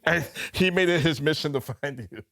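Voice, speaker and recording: A man's voice: on the high side, expressive, moderate pace, creaky, fairly bright tone. A man co-hosting a podcast, chatting casually and telling stories with joking, laughing asides. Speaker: podcast co-host. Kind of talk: casual storytelling chat. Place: podcast recording room.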